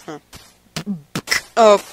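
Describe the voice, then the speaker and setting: A male gamer rambling hyperactively over his gameplay, giggling and making random noises. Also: very slow. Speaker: gameplay commentator. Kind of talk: casual let's-play commentary. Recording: noisy home recording.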